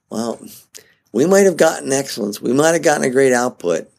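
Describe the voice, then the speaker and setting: A man teaching project leadership in a relaxed, chatty way. His voice swings up and down as he talks, and he keeps checking in with his listeners as he explains. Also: medium pitch, fairly quick, gravelly. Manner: animated and conversational, often checking in with "okay?". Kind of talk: casual spoken lesson.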